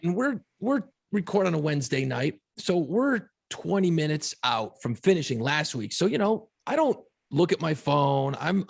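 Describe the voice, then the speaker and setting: Gravelly-voiced animated profane man. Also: on the high side. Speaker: podcast co-host. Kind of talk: casual storytelling chat.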